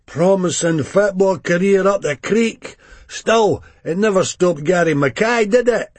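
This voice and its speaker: A man's voice: high voice, a little slow, no room sound, voice pushed up. A man voicing an exuberant, boastful young Scottish man with a Scottish accent. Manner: exuberant, showy.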